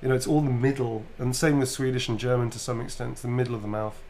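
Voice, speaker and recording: A man's voice: medium pitch, fast, slight background noise. A British man, a voice actor, chatting casually on a livestream about voices and accents while signing autographs. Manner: relaxed, demonstrates voices, swears casually.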